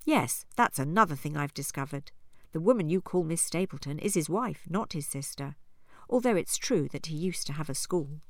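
A woman voicing a brisk confident detective. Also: sits low, animated, no echo, studio quality. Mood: assured. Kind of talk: audiobook character voice.

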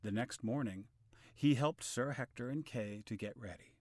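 A man narrating a storybook in a clear, expressive style. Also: mid-range voice, moderate pace.

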